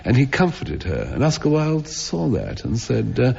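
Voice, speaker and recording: Male comic panelist, lively rambling anecdote, reverberant theatre on 1970s radio. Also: on the low side, a little slow, creaky, few pauses. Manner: rambling, self-interrupting storyteller with chuckles. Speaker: comedy panelist. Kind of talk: comic anecdote told to a live audience. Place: theatre stage before an audience. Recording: old lo-fi radio broadcast with hall reverb.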